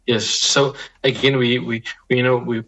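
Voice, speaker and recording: Husky, forceful man. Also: mid-range voice, level tone, low-quality recording. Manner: measured, repeats words while thinking, gently preachy. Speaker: Muslim scholar guest. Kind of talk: reflective podcast conversation.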